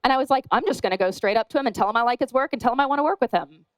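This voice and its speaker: Woman speaker, fairly high voice, chatty and self-mocking conference talk, dry close sound. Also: animated, racing, clean tone, no room sound, rough recording. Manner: chatty and self-deprecating, acts out dialogue. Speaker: wedding photographer giving a talk.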